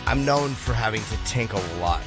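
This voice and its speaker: A man co-hosts a casual radio talk show over a remote video call, telling rambling, self-deprecating stories. His lowish voice is expressive, a little scratchy and smoky, and moves at a moderate pace. Loud music plays behind him.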